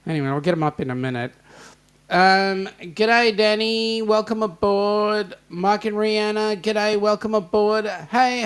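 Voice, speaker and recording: A man's voice: fairly high pitch, fairly bright tone. An Australian man hosting a casual live-stream chat, joking and greeting viewers by name. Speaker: host.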